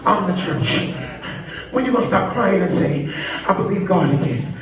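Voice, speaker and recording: Male preacher, high pitch, call-and-response sermon, very echoey, distant mic. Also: expressive, normal speed. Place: large church sanctuary. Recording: echoey church, far from mic, congregation.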